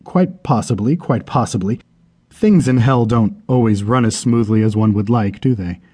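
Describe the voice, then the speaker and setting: A man's voice: fairly low pitch, moderate pace, warm tone, breathy edge, no room sound. A male audiobook narrator voicing a courteous, bureaucratic demon who works as a minor functionary in hell. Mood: matter-of-fact. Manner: courteous, mildly apologetic, matter-of-fact. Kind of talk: audiobook character reading.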